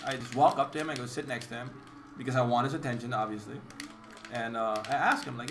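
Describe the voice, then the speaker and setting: A young man vents to his stream in a casual, exasperated rant. He swears freely and slips into quick impressions of the people involved. Faint music and keyboard clatter sit in the background. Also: mid-range voice. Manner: animated and exasperated, swears freely, mimics others in dialogue. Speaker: competitive gamer streamer.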